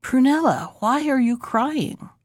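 A woman voicing a kind, wistful young man in a storybook reading, speaking softly and gently. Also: high-pitched, animated, slow, no room sound, studio quality, voice pushed up, full character voice. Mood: gentle.

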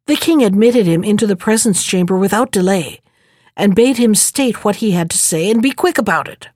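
A woman reading a fairy tale aloud in a measured, expressive storybook narration. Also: mid-range voice, dry recording, clean studio sound.

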